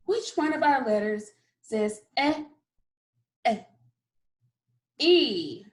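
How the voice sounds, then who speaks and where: Slow, encouraging kindergarten teacher woman. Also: fairly high pitch, lively intonation. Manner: slow, encouraging, sounds out letters. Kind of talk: recorded phonics lesson for young children.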